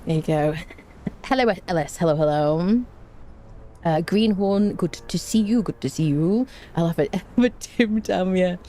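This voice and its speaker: A woman low-voiced streamer chatting. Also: lively intonation, measured pace. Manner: chatty, greets viewers warmly by name, self-mocking dad jokes. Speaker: game streamer reading chat. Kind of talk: casual live-stream chat.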